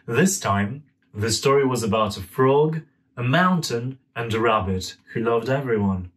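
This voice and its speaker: A young man in a gentle, friendly manner, reading a children's story aloud at home. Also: medium pitch, expressive, unhurried. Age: young adult. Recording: voice a bit far from mic.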